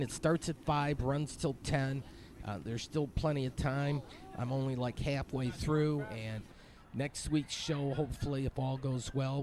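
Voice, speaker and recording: Amid a noisy background and live music, a man with a mid-range voice vlogs his walk through a night-time city holiday event outdoors. His walk-around commentary on local sights is casual, upbeat, and rambling.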